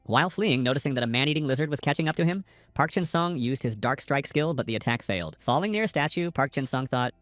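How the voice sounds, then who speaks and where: A man narrates a comic-book story recap at a brisk clip, reading every character's lines himself. His scripted reading has a slightly uneven, machine-like stress. The recording is dry and close, with no room sound. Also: mid-range voice, lively intonation, a bit bright, no room sound. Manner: reads all characters' lines in a lightly varied narrator voice.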